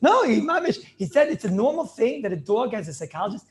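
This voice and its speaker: A rabbi teaches his class in an animated, chatty way, firing off questions and laughing often. He stumbles over repeated words as he restarts his thoughts. His voice sits high and his intonation swings widely. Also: fast talker, crowd noise. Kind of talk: lively Talmud class lecture.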